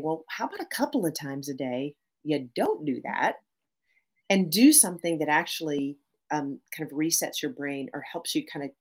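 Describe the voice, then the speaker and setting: A middle-aged woman therapist talks as a guest on a podcast. Her voice sits low, and she speaks in an animated way, restarting phrases and checking in with "right?". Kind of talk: podcast interview.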